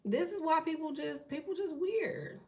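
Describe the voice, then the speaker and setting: Woman ranting off the cuff, cussing a lot, kinda high voice, sitting back from the mic. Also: lively intonation, darkish tone, recorded from a distance. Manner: blunt, profane, fast-talking. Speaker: tarot channel host. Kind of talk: casual ranting monologue.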